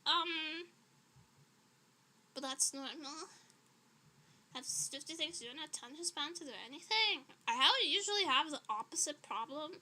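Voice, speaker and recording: A chatty woman livestreamer with a high, piercingly bright voice. She rambles at an unhurried pace, laughing often and sounding a little out of breath. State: slightly out of breath. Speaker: streamer. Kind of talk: casual livestream chat.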